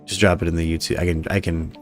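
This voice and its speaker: A man's voice: deep voice, little pitch movement, fast talker, soft background music. Laid-back, foul-mouthed man hosting. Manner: profane, rambling, laid-back. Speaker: podcast host. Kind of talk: casual live podcast chat. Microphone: desk microphone with noise suppression.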